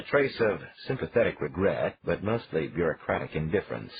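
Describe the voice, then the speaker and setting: Very deep-voiced male audiobook narrator. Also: brisk, gravelly, hardly any pauses, slightly rough. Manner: steady, lively storytelling. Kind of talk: scripted narration. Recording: dull lo-fi audio.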